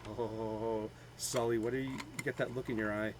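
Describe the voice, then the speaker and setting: A wary, teasing onlooker with a Boston accent, as a man puts him on, speaking low and hushed as if from across the room. A faint hum of ambience sits underneath. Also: level tone, moderate pace, natural voice.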